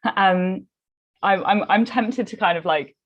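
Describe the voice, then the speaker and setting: A woman's voice: mid-range voice, slow, muffled recording. A woman hosting a live online panel over a video call, asking long rambling questions with many fillers. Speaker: host and moderator.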